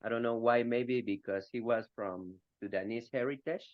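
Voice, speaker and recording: A male student answering in a class discussion, speaking English as a with many pauses and fillers. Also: mid-range voice, fairly even intonation, no echo, dull audio.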